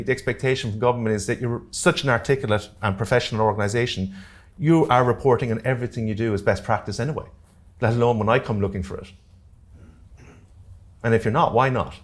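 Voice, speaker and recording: A man with an Irish accent presenting a live workshop to a room, talking quickly and jokily and often checking in with "okay?" and "all right?". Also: mid-range voice. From Ireland. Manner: fast-talking, jokey, keeps checking in with the audience. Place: community centre meeting room.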